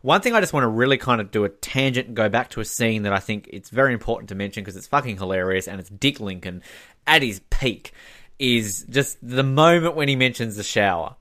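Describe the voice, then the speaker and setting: A man co-hosting a podcast, rambling, animated and casual with lots of fillers. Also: mid-range voice, a little fast. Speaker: podcast co-host. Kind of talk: casual recap chat.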